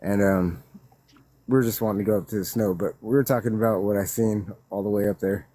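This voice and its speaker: A man telling a witness story in a loose, rambling way, laughing and growing excited as he recounts it. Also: fairly low pitch, brisk. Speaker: witness guest. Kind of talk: casual storytelling.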